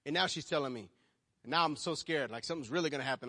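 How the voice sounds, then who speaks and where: Man preaching, swinging from quiet to loud. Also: fairly high pitch, rapid-fire. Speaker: pastor. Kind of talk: sermon. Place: church hall. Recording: long hall reverb.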